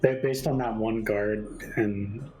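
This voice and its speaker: Man, tabletop player, somewhat low voice, relaxed, thinking aloud. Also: takes it slowly, poor audio. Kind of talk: casual tabletop game chat.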